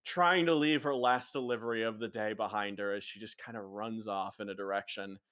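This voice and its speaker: A man's voice: lowish voice, fairly even intonation, a little fast, a bit bright, clean tone. A man narrating as game master of a tabletop roleplay, in a casual and loose way. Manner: casual, loose narration full of kinda and sorta.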